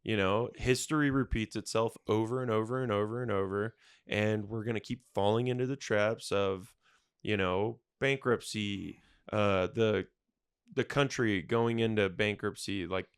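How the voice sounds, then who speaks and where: A man hosting a casual podcast, a lowish, smooth voice recorded dry and close. He tells stories with animated energy, swearing and laughing as he goes. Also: measured pace, dry recording. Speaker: podcast host.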